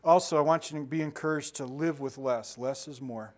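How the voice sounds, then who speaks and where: A man's voice: fairly high pitch, fairly quick. An older man preaching a sermon, shifting from scripture into rambling, self-deprecating stories with frequent restarts and chuckles. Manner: conversational storytelling with frequent restarts and laughter. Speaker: pastor.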